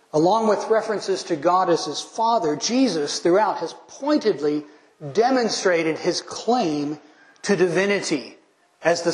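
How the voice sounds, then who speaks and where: A man's voice: high voice, echoey room, rough recording. A man preaching a methodical expository sermon as pastor, listing his points and verse references and leaning hard on key lines.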